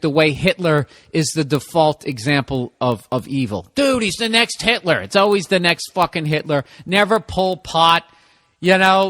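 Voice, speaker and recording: A comedian hosts his own podcast, riffing alone in a loose, profane, sarcastic stream of thought. His voice sits high for a man. The recording is dry and close. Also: sharp tone, no echo. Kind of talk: solo podcast rant.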